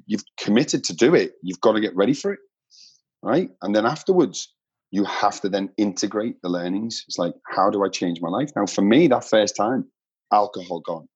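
A man's voice: on the low side, husky, dull audio. A man speaking earnestly and reflectively as a guest in a casual conversation. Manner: earnest, reflective, builds up emphatically.

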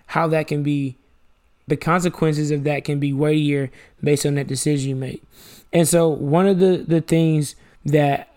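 A man's voice: on the high side, creaky, darkish tone. A young man hosting a faith-based podcast, teaching through casual personal stories and often checking in with "right?". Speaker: podcast host.

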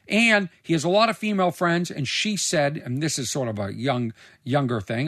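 A man in casual commentary, reacting to a reality show clip, animated and incredulous, sometimes putting on mocking impressions. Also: fairly high pitch, normal speed, no room sound, studio quality.

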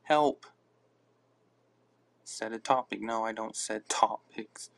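Male podcast host, unhurried casual rambler, reads and answers chat on a phone mic. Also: on the low side, creaky, fairly bright tone. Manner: rambling, reacts to listener comments aloud.

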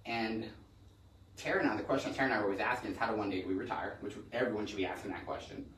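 Here a middle-aged real estate man on a relaxed podcast tells stories quickly and loosely, restarting himself a lot. The pitch is fairly low and the tone fairly bright. The room echoes, the mic is far off, and there's a little hiss or hum.

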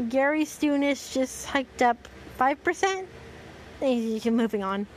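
A woman's voice: on the high side, normal speed, low-quality recording. A woman reading a story aloud as host, breaking off for dry, sarcastic commentary.

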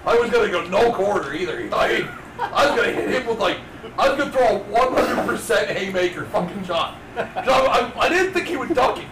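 A man's voice: sits high, expressive, fairly quick, recorded from a distance. A man telling a profane anecdote among friends, rowdy and laughing as he goes. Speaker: player. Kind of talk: animated storytelling anecdote. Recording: echoey room, off-mic, with background noise.

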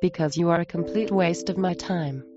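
An actress playing a cruel wife who hurls insults at her husband in a flat, cold way, in a muffled recording with music underneath. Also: lowish voice, moderate pace, lightly acted. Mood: contemptuous. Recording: muffled sound with music behind.

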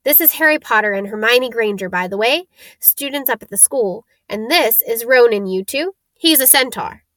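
Gruff, loud giant gamekeeper, rural English dialect, impatient; a woman reads him. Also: a little high, lively intonation, moderate pace, no echo, studio quality. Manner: loud, blunt, grumbling.

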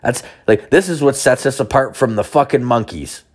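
A man's voice: mid-range voice, normal speed. A young man telling crude stories in a rambling, casual way, full of filler words and swearing. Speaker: storyteller. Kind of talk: casual storytelling.

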